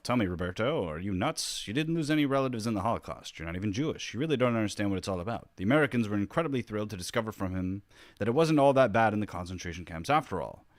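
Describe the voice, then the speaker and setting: A man's voice: fairly low pitch, no room sound, clean studio sound, natural voice. A man doing an impression of an indignant older male comedian-rabbi, reading out complaints in an exasperated tone.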